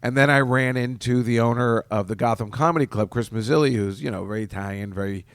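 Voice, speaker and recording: This man hosts a casual solo podcast, speaking fast in a mid-range voice with no room sound. His stories wander, and he frequently cuts himself off and chuckles.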